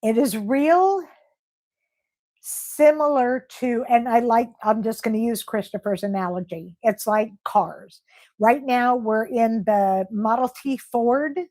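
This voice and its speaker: A woman's voice: on the high side, a little mellow. A woman hosting a casual live stream, reading viewer comments aloud and answering them with gushing, emotional praise. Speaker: livestream host.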